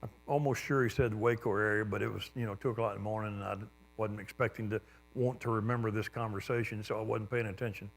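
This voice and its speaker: A man preaching a sermon, telling a personal story with lively jumps in pitch and sudden quiet drops. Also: quick pace, creaky. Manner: animated storyteller, voice jumping up with excitement then dropping low.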